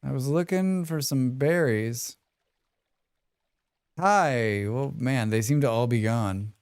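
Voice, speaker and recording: A man's voice: mid-range voice, slow, a little mellow, clear, resonant tone. An American man chatting casually to his live chat while playing a game, rambling through asides and reading tutorial text aloud. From United States. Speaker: streamer. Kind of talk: casual live gameplay commentary.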